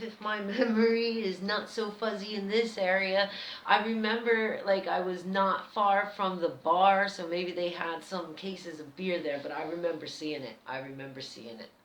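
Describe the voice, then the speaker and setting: A woman with an American accent telling a personal story as a vlogger, animated and chatty. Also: medium pitch. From United States. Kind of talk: casual storytelling. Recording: roomy echo.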